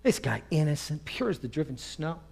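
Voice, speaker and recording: High-voiced animated male preacher. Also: brisk, vocal fry, slight background noise. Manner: animated, acts out quoted voices. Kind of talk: storytelling sermon.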